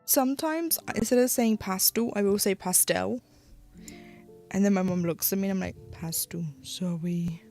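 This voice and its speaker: A woman with a British English accent chatting casually on a live stream as she stitches, rambling along with lots of "like" and quick restarts. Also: mid-range voice, animated, dark tone, soft background music. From United Kingdom.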